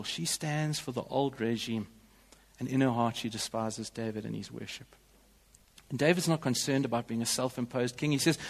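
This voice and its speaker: A man's voice: medium pitch, fairly quick. Earnest male pastor preaching in a hall. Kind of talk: sermon. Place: church.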